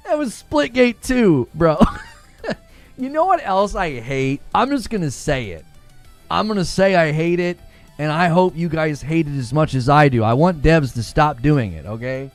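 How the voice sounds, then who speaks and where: A man hosting a casual gaming livestream, animated and laughing often as he reads and answers chat. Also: fairly high pitch, a little slow, faint music behind.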